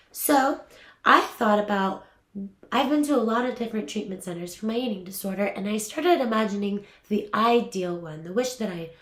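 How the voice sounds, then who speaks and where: A young adult woman giving a casual voiceover lesson, chatty and upbeat with frequent fillers. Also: mid-range voice. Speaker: voiceover coach. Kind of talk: casual teaching talk. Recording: echoey room.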